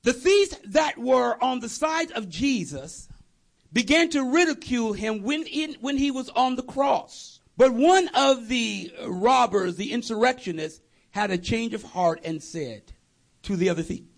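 A male pastor delivers a sermon to a congregation as an animated story, voicing the characters and chuckling as he goes. His voice is high and gravelly, with a breathy huskiness. His pitch rises and falls dramatically. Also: unhurried.

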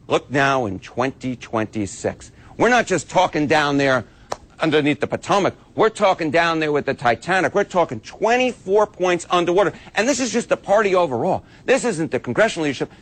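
A man's voice: a little high, a bit bright. A man breaking down poll numbers on a TV news segment, emphatic and repeating words for effect. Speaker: political data analyst. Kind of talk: TV news analysis.

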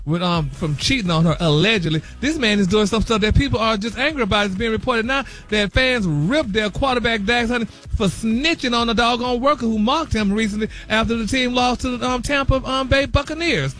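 High-voiced sassy gossip man. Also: brisk, few pauses, fairly bright tone, soft background music. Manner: sassy, dramatic, peppers speech with "honey" and "y'all". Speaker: celebrity news correspondent. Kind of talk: gossipy morning radio segment.

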